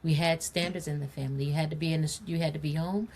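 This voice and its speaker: A woman on a community podcast panel, speaking earnestly and deliberately and stressing her points again and again. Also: low voice, steady tone, darkish tone. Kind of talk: casual panel conversation.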